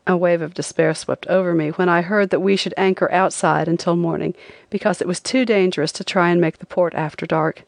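A woman narrating a travel memoir as an audiobook, with an expressive reading. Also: on the low side, dry recording. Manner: expressive, lively delivery.

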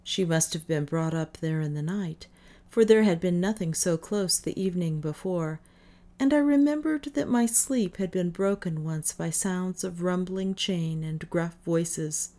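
A woman reading a first-person novel aloud in measured audiobook narration. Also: fairly low pitch, dark tone. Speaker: audiobook reader. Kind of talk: scripted narration.

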